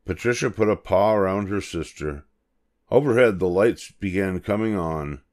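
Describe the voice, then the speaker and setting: An older grandfatherly man reads a children's picture book aloud. His voice is very low, and his delivery is measured and gentle. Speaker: storyteller.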